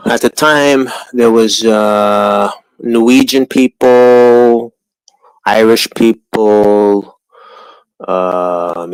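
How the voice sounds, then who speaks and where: A man's voice: on the low side, dry recording, rough recording. A man with a New York accent hosting a livestream, rambling in crude, profane casual chat. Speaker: livestream host.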